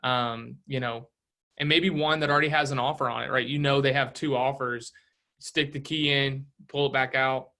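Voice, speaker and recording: A man's voice: medium pitch, fairly even intonation, normal speed, sharp tone. A man leading a casual real estate training session, coaching with rhetorical questions and a frequent "right?".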